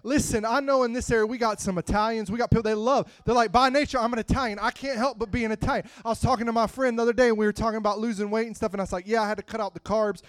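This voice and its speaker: A man preaching a sermon, moving from quiet, close talk to loud, rising preaching and calling out to the congregation. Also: sits high, fairly even intonation, rapid-fire, hardly any pauses, clean tone, dry recording. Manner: calls out to the congregation.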